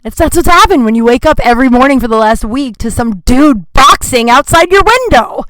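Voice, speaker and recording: A woman hosts her podcast in a loose, chatty monologue, peppering every sentence with "like" and grumbling as she goes. Her voice sits a little high. It is recorded dry and close, with no room sound. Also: lively intonation, brisk, a bit bright, no echo. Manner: chatty, heavy use of "like" fillers; grumpy, complaining tone. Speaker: podcast host. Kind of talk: casual monologue storytelling.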